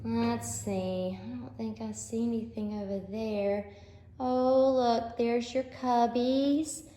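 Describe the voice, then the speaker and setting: A woman's voice: on the high side, fairly even intonation, slow, dark tone, echoey room, a little hiss or hum. A woman teacher giving a playful phonics lesson to young children, gasping and acting surprised as she goes. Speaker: kindergarten teacher. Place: empty classroom.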